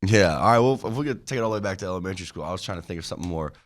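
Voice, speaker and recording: A young college football player as a podcast guest, talking casually in a hesitant way with many restarts. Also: male voice, low-pitched, expressive, racing. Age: young adult. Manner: hesitant, many restarts, laughs through stories. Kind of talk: casual chat.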